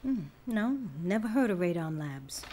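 A woman voicing a weary middle-aged scientist and mother who speaks in a measured, reserved way. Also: mid-range voice, big pitch swings, mellow, a little hiss or hum, natural voice. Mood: tired.

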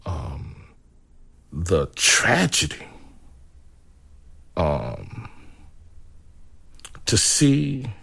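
Slow, husky, gravelly man reflecting. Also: low voice, huge pitch swings, sharp tone. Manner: slow, searching, many pauses and restarts. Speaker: interviewee. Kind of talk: reflective documentary interview.

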